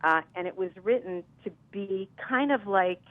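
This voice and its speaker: A woman from Milwaukee, a singer guesting on a radio interview, telling stories in a lively, chatty way. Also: mid-range voice, moderate pace, no room sound, narrow, tinny audio. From Milwaukee, US Midwest.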